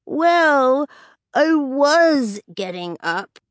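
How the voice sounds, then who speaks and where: A woman's voice: high-pitched, sing-song, no room sound, clean studio sound, voice pushed up, heavily acted. A woman doing a lazy, drawling boy. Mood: lazy teasing. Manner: slow, deliberately dragging drawl. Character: lazy drawling boy, teasing his older sister.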